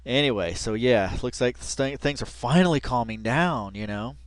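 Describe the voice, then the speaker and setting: A man's voice: medium pitch, lively intonation, moderate pace, dry recording. A man giving casual reaction commentary, rambling with lots of fillers and bursts of laughter. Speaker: reaction video host.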